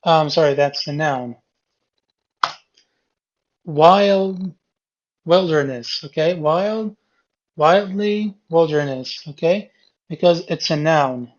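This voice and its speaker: A man's voice: fairly high pitch, slow, pauses often. A man teaching a class and going over a reading quiz. He explains each question step by step and repeats key words patiently. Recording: dull lo-fi classroom recording.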